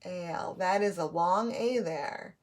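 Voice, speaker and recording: A woman teacher giving a slow, patient phonics lesson to young children, spelling out letters as she goes. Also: lowish voice.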